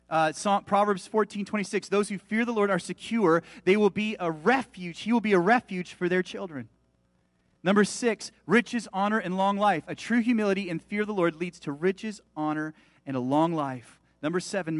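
A man's voice: sits high, dry recording, studio quality. A man preaching a sermon as a pastor, emphatic, rising and falling in volume as he reads and explains scripture.

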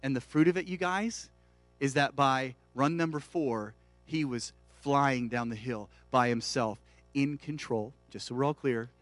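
A man's voice: mid-range voice, measured pace, dry recording, soft background music. A man in his forties preaching a sermon, telling a family story and acting out the dialogue with big swings in volume. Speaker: pastor.

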